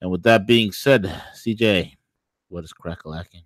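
A man's voice: deep voice, moderate pace, no room sound. A man hosting a casual morning talk show, playful and hypey, rambling with restarts. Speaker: show host.

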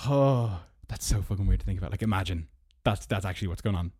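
A man's voice: fast talker, mellow, slightly rough, no echo, clean studio sound. A young man with an Irish accent, hosting a podcast alone from his car and rambling through stories with sarcastic asides. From Ireland. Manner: rambling storyteller, sarcastic, mock-squeaky when mocking. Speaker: podcast host. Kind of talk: casual solo podcast monologue. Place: parked car.

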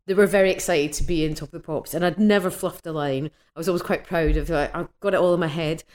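A woman, a podcast guest telling stories in lively casual chat and laughing often. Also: deep voice, quick pace. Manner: animated, laughs through stories.

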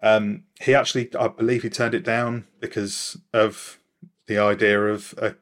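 Man, lowish voice, dry teasing quizmaster for a podcast chat. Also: level tone, moderate pace, a bit bright. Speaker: podcast guest running a quiz.

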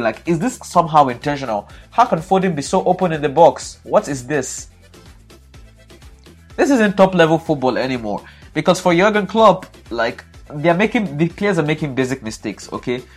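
A man giving animated football match analysis, exasperated and emphatic, often repeating himself for effect. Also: medium pitch, husky. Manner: exasperated, repetitive, emphatic ranting. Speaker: football pundit.

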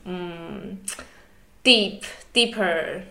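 A woman whose first language is Chinese chats on a podcast, her voice sitting in the middle of the usual pitch range. She hunts for words, with plenty of fillers and restarts. The recording has a noticeable roomy echo. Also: drawn-out words, creaky, sharp tone. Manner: hesitant, searching for words, many fillers. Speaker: podcast co-host. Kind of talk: casual chat.

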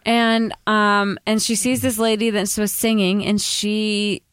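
A woman in casual chat with a co-host, recapping a movie, quick to laugh and swearing now and then. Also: medium pitch, level tone, a bit bright, smooth, no room sound. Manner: chatty, laughing, swears at times.

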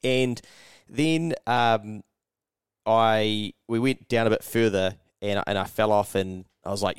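Low-voiced, smooth New Zealand man. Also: slow pace, no echo, studio quality. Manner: storytelling, swears often, acts out his own thoughts. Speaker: podcast co-host. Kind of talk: casual chat.

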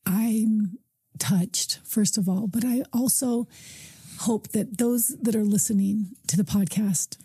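A woman hosting a podcast interview who speaks softly and gently. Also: medium pitch, husky, no echo. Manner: soft, slow and gentle. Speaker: podcast host.

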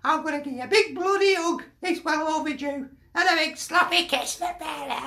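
A woman's voice: high-pitched, normal speed, pushed and bright. A woman from Burnley with a broad Lancashire accent, chatting and joking about her football team in a fan reaction video. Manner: chatty, jokey, laughs often, broad dialect. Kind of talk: casual fan reaction chat. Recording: echoey room.

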